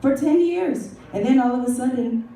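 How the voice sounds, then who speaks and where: A woman's voice: high-pitched, moderate pace, dark tone, natural voice. Woman playing a sardonic, proud older star. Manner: dry, sardonic, mock-haughty. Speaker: comic performing a historical figure. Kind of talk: in-character stand-up storytelling. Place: small coffee bar, live show. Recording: roomy live room, mic from far.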